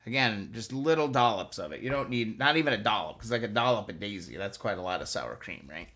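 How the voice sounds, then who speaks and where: Bright-voiced man coaching a live stream. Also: fairly low pitch, lively intonation, quick pace. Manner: chatty, upbeat, coaching viewers step by step. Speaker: host of a motorcycle restoration live stream. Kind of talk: casual live-stream how-to chat.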